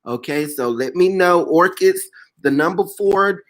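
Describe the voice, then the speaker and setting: A woman hosting a casual live video, warmly greeting viewers by name and praying aloud for them. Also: lowish voice, animated, unhurried, echoey room, rough recording. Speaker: orchid pot seller hosting a live video. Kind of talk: casual live-stream chat.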